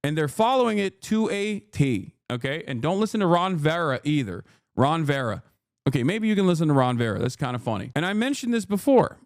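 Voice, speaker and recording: Man, political streamer, heated profane rants, high voice, dry close sound. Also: sing-song, a little fast, no echo. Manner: profane, exasperated, mocking mimicry. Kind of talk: heated commentary reacting to news clips.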